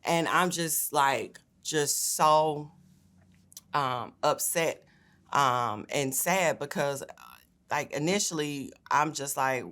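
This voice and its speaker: A woman's voice: extremely low pitch, expressive, takes it slowly, a bit bright. Young woman telling a personal story. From Memphis, Tennessee. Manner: earnest, conversational, with many fillers. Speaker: state senator. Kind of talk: personal testimony.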